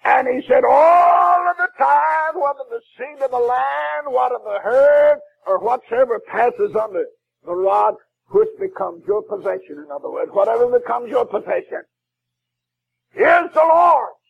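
A man preaching a fiery sermon as a Baptist preacher, shouting with a crying preaching cadence. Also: extremely high pitch, animated, a little slow, vocal fry, husky, phone-quality sound.

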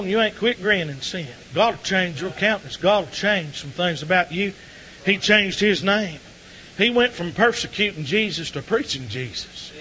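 A man preaching a sermon to a congregation in church, rising to shouts at the peaks. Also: sits high, a little hiss or hum, rough recording. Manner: impassioned, shouting at peaks, folksy.

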